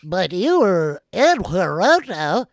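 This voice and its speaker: Chatty woman with a lively voice. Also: on the low side, slow pace, no echo, muffled recording. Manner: chatty and rambling in character. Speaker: player. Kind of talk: in-character tabletop role-play.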